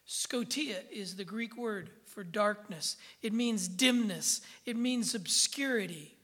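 A woman's voice: mid-range voice, slow, fairly bright tone, slightly rough. A woman pastor preaching a sermon, emphatic and checking in with the congregation with frequent "okay" and "amen".

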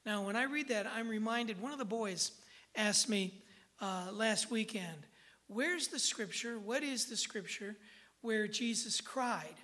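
A woman's voice: mid-range voice, lively intonation, measured pace, a bit bright. A woman pastor preaching a sermon, emphatic and checking in with the congregation with frequent "okay" and "amen".

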